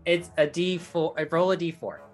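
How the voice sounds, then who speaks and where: Low-voiced woman running a tabletop game. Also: over music. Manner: halting, many fillers and restarts. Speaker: dungeon master.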